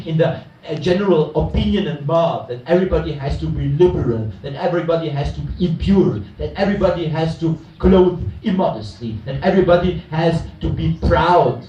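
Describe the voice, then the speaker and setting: A man's voice: fairly high pitch, mellow, dull audio, slight background noise. A man, a priest, preaching an earnest retreat sermon full of rhetorical questions and restarts. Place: chapel. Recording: echoey chapel from a distance.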